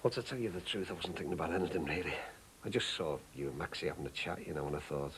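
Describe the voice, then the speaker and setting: A man's voice: deep voice, very fast, fairly bright tone, slight background noise, poor audio. An actor playing a lonely middle-aged husband, rambling and hesitant as he confides. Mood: troubled. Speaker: troubled husband. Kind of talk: soap opera acting.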